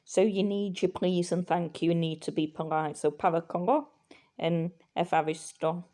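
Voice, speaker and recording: A woman teaching a recorded language lesson, patient and reassuring, with frequent fillers and pauses. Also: lowish voice, fairly even intonation, warm tone.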